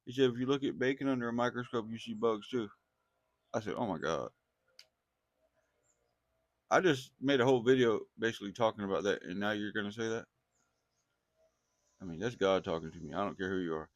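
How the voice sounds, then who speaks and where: A man's voice: fairly low pitch, fairly quick, pauses often, dry recording, dull audio. Guy preaching casual to his viewers, gets worked up, repeats stuff, dry close sound. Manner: animated, repeats himself, talks straight to viewers. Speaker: online preacher.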